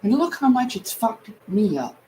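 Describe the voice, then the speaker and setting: A woman's voice: a little high, very animated, normal speed, mellow, slight background noise, low-quality recording. A woman hosting a casual livestream, chatting while she paints, rambling, swearing and exasperated, upset and close to tears. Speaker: livestream host.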